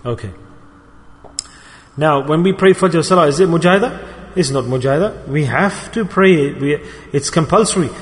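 A man's voice: fairly high pitch, normal speed, pauses often. Preaching man in a reverberant hall. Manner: asks the audience questions and calls for responses. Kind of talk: sermon to a congregation.

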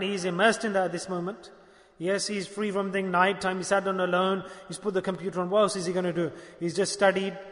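A man preaching a sermon, animated, questioning his listeners and acting out dialogues. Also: high voice, long reverb tail.

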